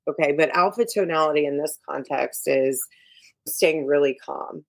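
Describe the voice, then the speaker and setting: Low-voiced woman coach, frank and emphatic. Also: normal speed, creaky. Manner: frank and emphatic, giving advice. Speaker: executive coach, podcast guest. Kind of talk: casual interview talk.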